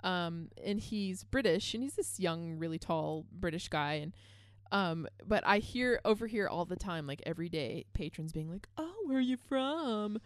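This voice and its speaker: A woman co-hosting a casual chat, reacting quickly and sharing her own short stories. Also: fairly low pitch, clean tone, no room sound, studio quality. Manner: responsive listener, quick reactions and laughs.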